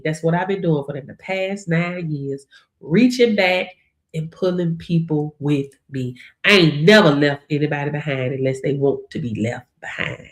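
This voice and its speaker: A woman coach giving a motivational talk, emphatic and colloquial with punchy catchphrases. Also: on the low side. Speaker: online income coach.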